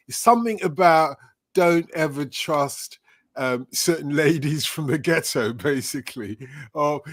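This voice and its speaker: A man's voice: fairly high pitch, no room sound, studio quality. Laughing, rambling podcast host man. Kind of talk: casual chat.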